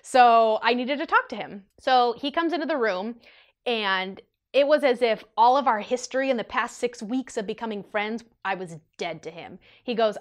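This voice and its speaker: A woman's voice: a little high, normal speed. Chatty young woman telling a story. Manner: animated, chatty storytelling to viewers. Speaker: vlogger. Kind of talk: storytime vlog.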